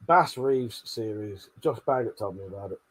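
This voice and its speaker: A man's voice: medium pitch, husky. A man hosting a late-night livestream, chatting with viewers while he swears a lot, laughs often and bickers. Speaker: livestream host.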